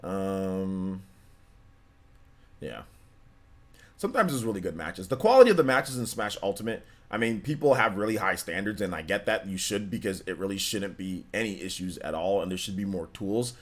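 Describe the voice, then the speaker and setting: A man's voice: sits low, lively intonation, normal speed. A man hosting a game livestream, chatting loosely with many restarts and reading out donations from chat. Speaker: livestream host.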